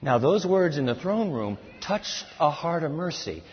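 A man preaching a sermon from scripture, emphatic and animated, telling his listeners to write things down. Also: a little high, measured pace. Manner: animated and emphatic, tells listeners to take notes. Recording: reverberant hall, dull lo-fi sound.

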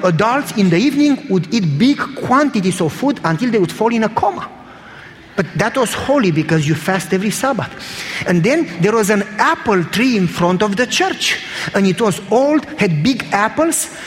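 A man's voice: high voice, long reverb tail. A man preaching a sermon in a church, telling stories in an emphatic, conversational way.

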